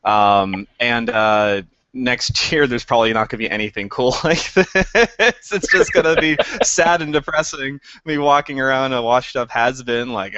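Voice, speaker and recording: This casual interview features a game director guest who rambles, chuckles, and pokes fun at himself. His medium-pitched voice is bright and forceful at normal speed, and the dry, slightly dull podcast recording has no room sound.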